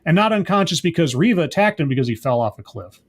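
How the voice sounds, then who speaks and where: A man's voice: fairly high pitch, big pitch swings, quick pace, breathy edge. A man giving a sarcastic, exasperated episode recap as a show reviewer, rambling and mocking.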